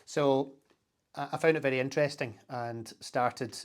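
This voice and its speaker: A Scottish man chatting in a relaxed interview. He tells animated stories and laughs as he goes. His speech is packed with historical detail. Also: mid-range voice, normal speed, smooth. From Scotland. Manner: animated storyteller, laughs while talking, full of historical detail. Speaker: interviewee, content creator. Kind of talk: casual chat.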